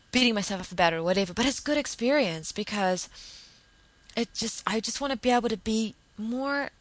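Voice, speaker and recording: A woman's voice: on the low side, a bit bright, no room sound, poor audio. A young woman hosting a podcast, talking in a casual, reflective monologue that rambles earnestly through fillers and restarts. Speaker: podcast host.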